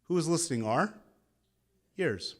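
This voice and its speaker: A man's voice: fairly high pitch, animated, a little slow, husky. A man in his thirties, a meditation teacher giving a guided meditation talk and leading a group in call-and-response chanting at an interfaith gathering.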